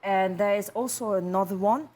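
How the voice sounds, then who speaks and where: A woman being interviewed as a guest on a TV chat show, telling lively stories and laughing often. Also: medium pitch, moderate pace, a little hiss or hum. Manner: animated storyteller, laughing often. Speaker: guest actress and model.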